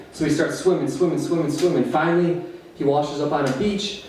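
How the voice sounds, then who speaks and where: A man with an Upper Midwest American accent tells rambling stand-up jokes, laughing nervously at himself. His slightly high voice sounds far from the mic in a very echoey cafe room. A faint hiss sits under the recording. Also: a little fast, a little mellow. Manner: rambling, self-deprecating joke telling with nervous laughs. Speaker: open mic comedian. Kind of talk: stand-up comedy. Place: small cafe stage.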